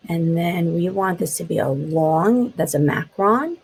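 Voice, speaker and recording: A woman teaching a phonics lesson to young children, slowly sounding out letters and tapping out words. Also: fairly low pitch, lively intonation, creaky, a little mellow, breathy edge, poor audio.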